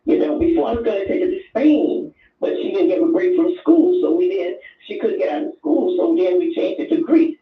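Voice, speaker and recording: A woman's voice: high voice, sing-song, a little fast, vocal fry, few pauses, far from the mic, faint music behind. An older woman calling in to a show, talking with effusive emotion and repeating herself. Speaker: caller. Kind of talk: call-in chat. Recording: echoey tinny phone line.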